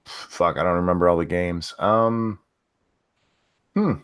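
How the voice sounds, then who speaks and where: A man co-hosting a casual chat, talking haltingly and stammering as he starts his sentences. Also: low voice, smooth. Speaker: podcast co-host.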